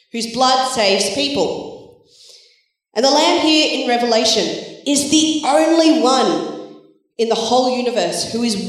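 Woman, children's church leader, slow and encouraging, higher voice, echoey hall, distant mic. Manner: animated, encouraging, storytelling to children. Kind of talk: children's Bible talk.

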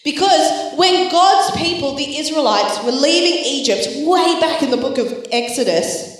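Woman leading a children's church talk. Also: sits high. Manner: animated, encouraging, storytelling to children. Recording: very echoey hall, voice from far off.

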